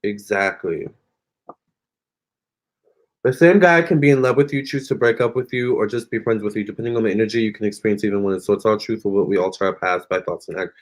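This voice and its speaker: A tarot reader from Virginia runs a live stream reading, his lowish voice moving briskly. He answers viewer comments in a chatty, sassy manner, calling people honey and girl.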